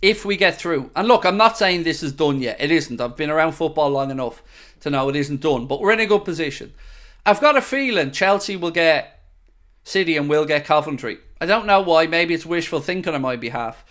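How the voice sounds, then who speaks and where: A man's voice: on the high side, lively intonation, a little fast, fairly bright tone. A man hosting a live football watchalong, chatty and upbeat as he reads out viewer messages. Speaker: fan channel host.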